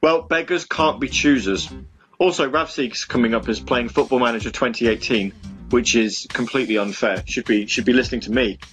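A man's voice: medium pitch, brisk, fairly bright tone, faint music behind. Rambling man hosting online radio. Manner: rambling and self-mocking, full of fillers and restarts. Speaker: online radio show host. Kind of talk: casual chat with listeners between songs. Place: home room.

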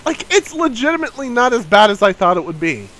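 A man with a high-pitched voice hosts a laid-back gaming show. His delivery is excitable and bouncy, jumping between topics. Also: fast talker, low-quality recording. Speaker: show host. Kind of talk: casual podcast chat.

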